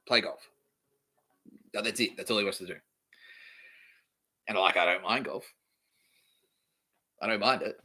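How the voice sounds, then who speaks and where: A man with an Australian accent delivering a rambling, profane comedic monologue, repeating himself and swinging between loud outbursts and mumbling. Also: fairly low pitch, unhurried, long pauses, breathy edge. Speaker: podcast host.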